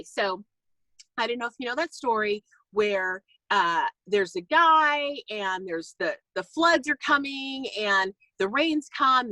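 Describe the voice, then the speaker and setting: A woman's voice: a little high, no echo, low-quality recording. Chatty woman telling a story, dry sound. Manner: chatty, animated, acts out voices in anecdotes. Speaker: guest speaker on a team call. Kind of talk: personal testimony, casual storytelling. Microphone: call recording.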